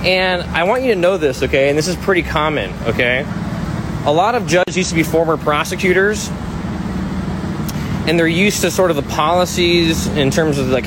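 A man's voice: a little high, heavy background noise. A man, an attorney, explaining a court case in a video clip, checking in with 'okay?' and 'right?'.

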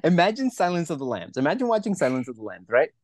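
A man's voice: on the high side, big pitch swings, fast, no room sound. A man co-hosting a casual movie review podcast, ranting and swearing in a rambling way. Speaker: podcast co-host.

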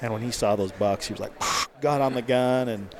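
A man's voice: mid-range voice, fairly quick, a crowd in the background. A man telling a long hunting story about his son in a casual conversation, acting out the dialogue as he goes. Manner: animated storytelling, acts out quoted dialogue. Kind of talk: casual chat.

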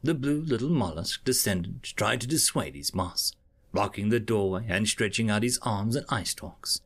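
A man reading a science fiction story aloud with expressive, measured narration. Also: fairly low pitch.

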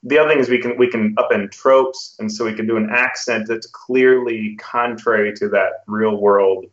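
A man co-hosting a podcast about tabletop games, talking in a thoughtful, measured way. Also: on the low side, steady tone. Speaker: podcast co-host. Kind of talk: casual discussion about tabletop game mastering. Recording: roomy, dull lo-fi sound.

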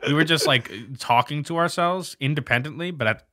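A young man co-hosting a casual podcast chat, animated and exasperated, who swears freely and stutters. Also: fairly high pitch, brisk, no echo, clean studio sound. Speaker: podcast co-host.

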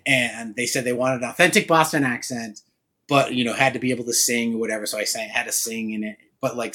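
A man from Massachusetts, an actor, telling animated stories in a casual podcast chat and laughing often. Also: medium pitch.

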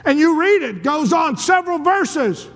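A male preacher telling a story dramatically in a sermon, dropping to a hush and then rising to a shout. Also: extremely high pitch, big pitch swings, normal speed. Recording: long reverb of a large hall.

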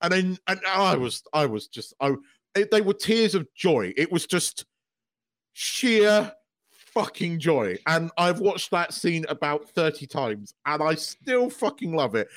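A man's voice: a little high, very animated, a little slow, fairly bright tone. A man co-hosting a podcast, gushing and swearing as an emotional fan in casual chat. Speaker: podcast co-host.

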